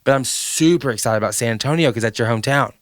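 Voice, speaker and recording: A man with a Southern US accent hosting a podcast, chatting in an animated, playful way with frequent laughter. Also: mid-range voice, quick pace, no room sound. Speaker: podcast host. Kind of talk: casual chat.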